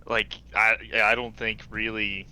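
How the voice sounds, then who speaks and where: A man's voice: on the low side, flat delivery, unhurried, pushed and bright, clear, resonant tone. A man playing a tabletop game, talking hesitantly and restarting his sentences. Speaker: player. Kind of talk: casual game-table banter.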